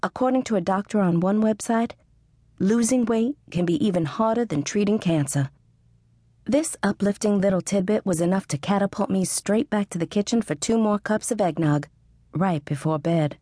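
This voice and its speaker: A woman's voice: mid-range voice, moderate pace, dark tone, no room sound, clean studio sound. A woman reading a first-person audiobook narration in a wry, sarcastic manner. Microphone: studio close mic.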